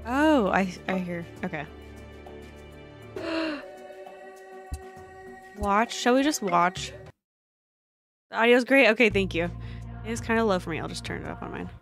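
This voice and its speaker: Excitable woman streamer, slow lively chat. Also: medium pitch, faint music behind. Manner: excitable, gasping and exclaiming; chatty, addresses her viewers directly. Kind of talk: live game-stream chat.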